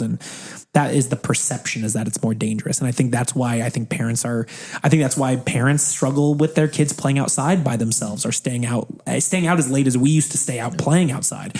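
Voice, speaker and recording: A man's voice: mid-range voice, darkish tone. A man in his thirties co-hosting a podcast in casual chat, rambling with restarts and frequent laughs. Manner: rambling, restarts mid-thought, laughs often. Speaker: podcast co-host.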